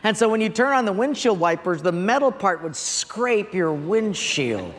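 High-voiced preacher in a reverberant hall. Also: male voice, normal speed. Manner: animated storytelling, audience questions. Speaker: pastor. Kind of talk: sermon. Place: church sanctuary. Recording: long church reverb.

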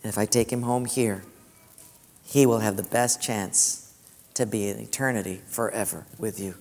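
Man doing God, soft low fatherly voice, reassuring, long hall echo. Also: steady tone, moderate pace, close to an everyday voice. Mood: tender. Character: God, gentle all-knowing loving father.

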